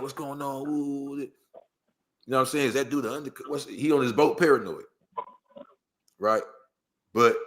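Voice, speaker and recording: Animated man from LA telling a story. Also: medium pitch. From Los Angeles. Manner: acts out quoted voices, slang-heavy, rhetorical asides. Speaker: guest storyteller. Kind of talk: animated storytelling in casual chat.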